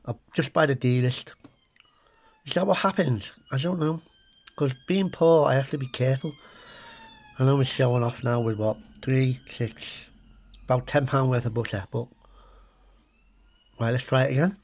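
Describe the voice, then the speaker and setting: A man's voice: medium pitch, moderate pace, pauses often, darkish tone. A middle-aged man from Britain chatting casually to camera while taste-testing food, with wry, muttered asides to his viewers. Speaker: food vlogger. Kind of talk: casual comic taste-test chat to camera.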